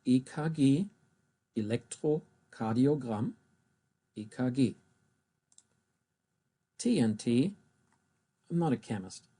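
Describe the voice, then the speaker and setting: Male language teacher, very dark husky voice, slow careful pronunciation of German words. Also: medium pitch, big pitch swings. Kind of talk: recorded language lesson.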